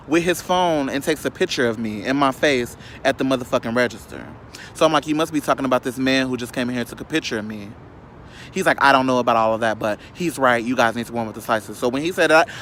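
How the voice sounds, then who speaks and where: A man's voice: mid-range voice, a little hiss or hum. Sassy man ranting a storytime. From Chicago, South Side. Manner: sassy, animated, profane, quick asides to viewers. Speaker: vlogger. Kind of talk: casual storytime rant.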